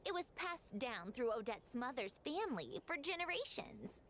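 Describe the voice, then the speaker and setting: A woman voicing a thoughtful young woman in a game, speaking in a measured, reflective way. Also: high voice, very animated, a bit bright, slight background noise, exaggerated voice. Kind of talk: game dialogue.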